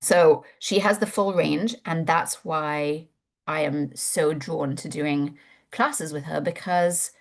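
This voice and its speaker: A woman gives a webinar as a course instructor, talking candidly with lively storytelling and the odd casual swear. Her voice sits on the lower side for a woman. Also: slow. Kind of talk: webinar presentation.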